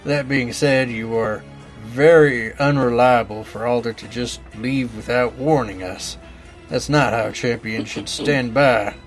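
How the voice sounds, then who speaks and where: A man's voice: mid-range voice, fairly even intonation, unhurried, faint music behind, lightly acted. A man voicing a brusque, impatient old male professor with a blustery, commanding manner. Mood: brisk. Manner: blustery, commanding, barks orders.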